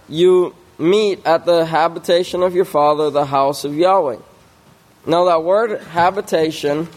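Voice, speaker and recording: Slow, measured male preacher. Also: a little high, darkish tone. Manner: reads verses aloud with fillers and restarts. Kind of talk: slow scripture study sermon.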